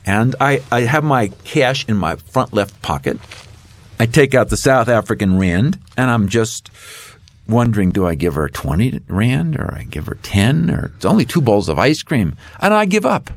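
A man's voice: mid-range voice, normal speed, dry recording. A middle-aged man, an author and guest, telling a faith story and acting out the voices in it. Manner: animated storyteller acting out dialogue.

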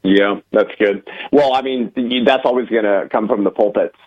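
Man, husky, phone-like thin sound, explanatory co-host. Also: lowish voice, steady tone, normal speed. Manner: explanatory, quoting, many fillers. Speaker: ministry leader and co-host. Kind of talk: conversational talk show.

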